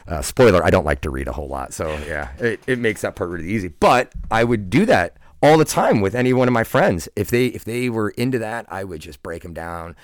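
A man's voice: lowish voice, animated, a little fast, hardly any pauses, dry recording, studio quality. A man in his forties, a podcast guest, telling an earnest, reflective personal story in casual conversation. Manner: earnest, reflective, frequent restarts and "like".

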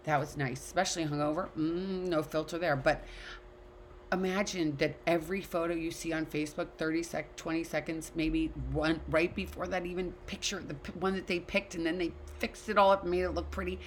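A middle-aged woman with a low voice, teaching an online class in a candid, chatty way. She swears freely and says what she thinks. A faint hiss of background noise sits under her voice. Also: flat delivery, brisk. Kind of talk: casual talk to an online class. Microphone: video call.

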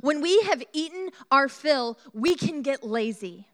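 A woman preaching a sermon, telling a personal story in an animated way and asking the congregation questions. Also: high voice, measured pace.

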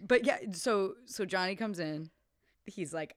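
Low-voiced woman recapping a movie. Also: moderate pace, dry recording, clean studio sound. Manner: animated, acts out characters' lines, swears freely. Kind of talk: casual movie recap chat.

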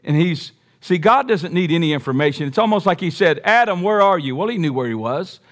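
High-voiced emphatic man preaching. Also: lively intonation, a little fast. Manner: emphatic, folksy, with joking asides. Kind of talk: sermon.

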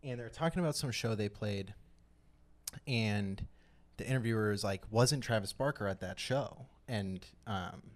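A young man with a low voice chats casually on a podcast. He speaks in a laid-back way, wandering through his thoughts with frequent filler words. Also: moderate pace. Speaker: podcast co-host, drummer. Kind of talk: casual chat.

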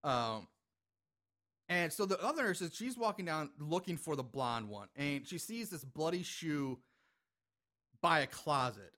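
A man's voice: fairly high pitch, very animated, a little slow, pauses often, bright, forceful tone. A man casually recapping a horror film with a co-host, rambling with lots of fillers and the odd swear. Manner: rambling, profane, laughing recap with many fillers. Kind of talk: casual chat.

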